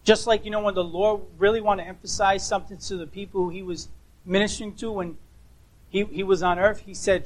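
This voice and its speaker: A man's voice: high-pitched, moderate pace, rough recording. A man preaching a sermon, emphatic and asking rhetorical questions, repeating key words for emphasis.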